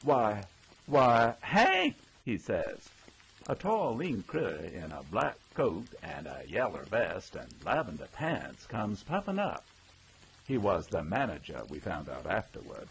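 A man narrating a folksy old-time story, with lively character voices. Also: low-pitched, unhurried, gravelly, slight background noise, poor audio. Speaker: audiobook narrator.

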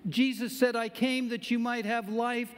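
Older guy pastor, high-ish voice, chatty emphatic sermon, big hall echo. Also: flat delivery, a little slow, smooth. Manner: conversational, emphatic, rhetorical questions to the congregation. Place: church sanctuary.

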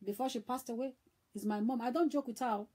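Nigerian woman evangelist, fairly high voice, mellow and husky, fervent repetitive preaching. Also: fast talker. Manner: fervent and exhorting, repeats phrases for emphasis. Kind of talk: emotional sermon.

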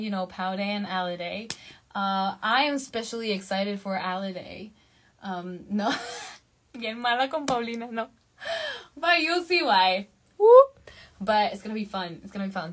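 A woman's voice: medium pitch, fairly bright tone. A young Mexican woman chatting casually on a live stream with a Mexican accent, a bubbly band singer who switches between English and Spanish. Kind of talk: casual chat reading fan comments.

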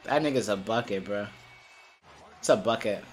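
A young man streaming his reaction to basketball highlights, hyped and slangy, repeating short catchphrases. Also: normal speed. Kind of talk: excited live reaction commentary.

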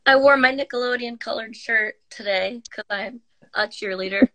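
A woman guest on a video call, bubbly and laughing often, her voice hoarse and recovering. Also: on the high side, normal speed, a crowd in the background, low-quality recording. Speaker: former child-show actress, guest. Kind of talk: casual group video chat.

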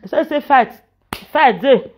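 Speaking to the camera in a high, expressive, unhurried voice, a Nigerian-accented woman delivers an emotional monologue. The social media personality pleads and rants, at times breaking into chanted lines in a local language.

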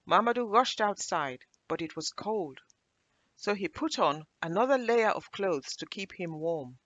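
A woman reads a children's story aloud, her voice rising and falling with lively, animated expression. The recording sounds close and dry, with no room echo around her. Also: medium pitch, unhurried, dull audio.

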